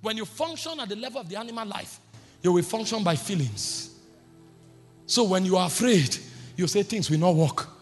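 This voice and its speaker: Man, preacher, fervent sermon, shouts and repeats phrases, long hall echo, soft music behind. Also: high voice, expressive, moderate pace.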